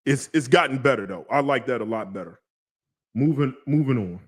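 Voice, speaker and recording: A man's voice: medium pitch, lively intonation, a little fast, husky. A man reviewing fragrances on a live stream, talking casually in slang with lots of joking asides.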